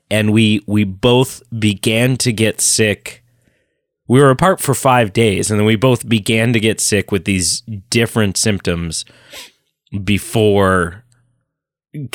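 Low-voiced guy with a head cold, rambling podcast chat, dry joking, super dry close mic. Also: no room sound. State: sick with a head cold, sniffly. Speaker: podcast co-host. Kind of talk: casual chat.

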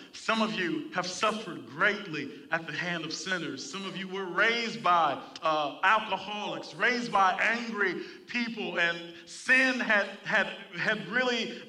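A man's voice: high-pitched, pushed and bright, distant mic. A man preaching a sermon in church, reading scripture and calling for responses from the congregation. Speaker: pastor.

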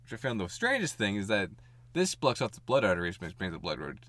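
Podcast co-host, male, lively pitch, bright voice, crude humor, loose chatty delivery. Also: fast talker. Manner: crude joking, frequent laughs and fillers. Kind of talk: casual chat.

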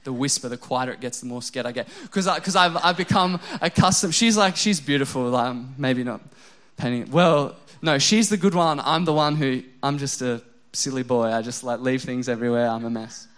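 A man's voice: mid-range voice, moderate pace, few pauses, fairly bright tone. A young adult man preaching a casual sermon, mixing self-mocking jokes and lots of "like" fillers into his message. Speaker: pastor.

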